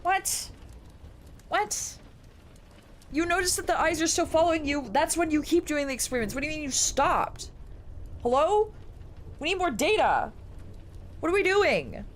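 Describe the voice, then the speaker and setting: Excitable, incredulous woman streamer. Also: sits high, normal speed, long pauses, slight background noise. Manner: excitable, incredulous, swears casually. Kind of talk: live-stream reading and chat.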